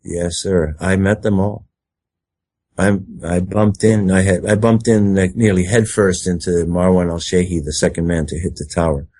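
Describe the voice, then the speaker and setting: Guest, older man, low husky voice, emphatic and rambling. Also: fairly even intonation, normal speed, dark tone. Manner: emphatic, rambling, acts out quoted speech. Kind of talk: conspiracy talk interview.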